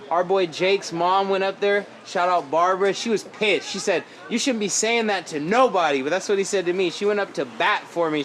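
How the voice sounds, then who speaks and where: A man's voice: on the high side, fairly bright tone, a little hiss or hum. A man from Oregon, a rapper, chatting casually and animatedly with slang and frequent laughs in a lounge bar. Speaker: rapper guest. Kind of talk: casual chat.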